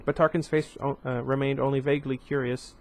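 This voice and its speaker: A man's voice: mid-range voice, flat delivery, a little fast. Man casually reading a novel aloud. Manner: casual, with chatty asides and self-corrections. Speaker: book reader.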